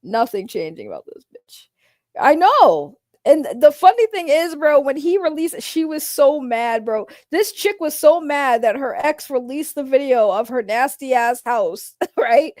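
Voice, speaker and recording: A woman's voice: high voice, big pitch swings, measured pace, a little mellow, no echo. A woman streamer ranting in casual commentary, heated and profane, repeating her points.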